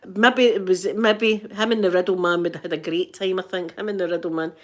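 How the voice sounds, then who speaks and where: A Scottish woman with a fairly low voice tells stories in a relaxed, chatty way. She brings the people she quotes to life as she goes. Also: fairly quick. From Scotland. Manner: animated, acts out the quoted people. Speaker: ASMR livestream host. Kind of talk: casual storytelling chat.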